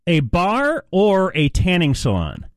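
Lively, higher-voiced sports radio host. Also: male voice, slow, dry recording. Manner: chatty, rambling, playful. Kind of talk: live sports talk radio.

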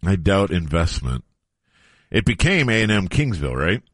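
A man's voice: low-pitched, sing-song, moderate pace, a bit bright, no echo, studio quality. A middle-aged man hosting a casual radio show, reading an old news story aloud with playful drama.

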